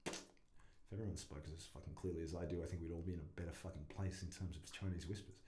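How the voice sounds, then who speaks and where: A vlogger talks casually to camera, rambling and mocking himself, swearing constantly and laughing at his own jokes. His low voice holds a steady tone and he talks fast, in an echoey room with faint noise.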